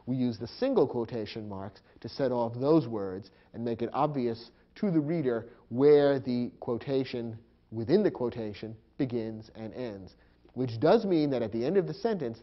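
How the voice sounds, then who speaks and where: A man's voice: medium pitch, expressive, moderate pace, lo-fi sound. A man teaching a grammar lesson, explaining punctuation rules step by step and spelling out marks aloud. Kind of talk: recorded lecture.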